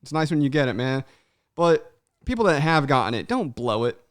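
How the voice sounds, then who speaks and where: A man's voice: medium pitch, sing-song, a little fast, smooth, dry recording, studio quality. A young man hosting a podcast, chatting casually and animatedly, swearing freely and calling everyone "man.". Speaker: podcast host. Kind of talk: casual chat.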